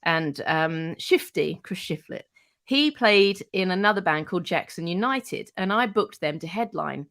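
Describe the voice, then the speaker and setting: Animated woman telling stories. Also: on the low side, unhurried. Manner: animated, acts out quoted voices, swears freely. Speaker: radio presenter, podcast guest. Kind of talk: casual anecdote telling.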